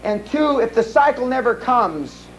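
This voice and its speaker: A man's voice: very high-pitched, lively intonation, measured pace, slight background noise, low-quality recording. A man giving a live seminar talk, telling blunt, profane stories full of restarts. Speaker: seminar speaker. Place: seminar room.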